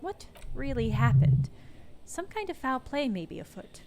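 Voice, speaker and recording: A woman streamer with a fairly high voice reads a video game's narration in a playful way. She thinks aloud between lines, reacting to the game as she goes. Faint ambient noise sits under her voice. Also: big pitch swings, a little slow, creaky, a little mellow.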